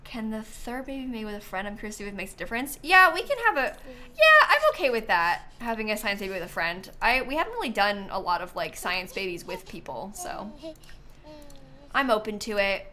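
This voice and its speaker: A woman's voice: medium pitch, very animated, fairly quick, sharp tone, slight background noise. A woman streamer chatting casually while she plays a life-sim game, thinking aloud and sounding a little sleepy. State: sleepy, yawning. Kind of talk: casual gameplay commentary.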